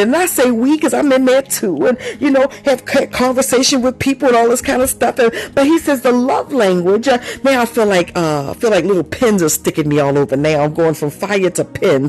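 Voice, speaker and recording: A prophetic minister preaching with fervent, unscripted intensity, repeating exclamations, slipping into tongues, and lifting the pitch when quoting the Lord. The voice sits at a middle pitch, and faint music plays underneath.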